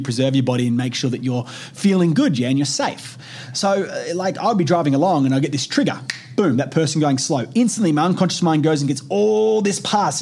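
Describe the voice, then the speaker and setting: A young man in his twenties hosts a motivational podcast in a loose, animated way. His voice sits fairly high and has a husky, slightly rough grain. He swears freely and keeps checking in with "right?" as he talks. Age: 20s. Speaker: podcast host. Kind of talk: casual motivational podcast talk.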